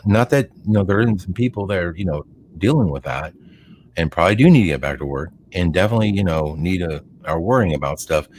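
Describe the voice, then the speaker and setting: A middle-aged man co-hosting a casual podcast chat, talking in a rambling, animated way with lots of fillers. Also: deep voice, a little hiss or hum. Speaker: podcast co-host.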